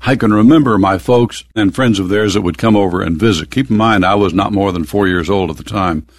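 A man's voice: lowish voice, brisk, no echo, studio quality. An older man from the American Midwest telling stories from his youth in an oral history interview, chuckling now and then.

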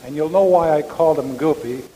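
A man's voice: on the high side, fairly quick, warm tone. An older man giving a speech about his ballplaying days, telling folksy anecdotes straight to the audience. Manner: folksy storytelling, addresses the audience directly. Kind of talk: after-dinner anecdote speech. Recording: reverberant hall with faint background noise.

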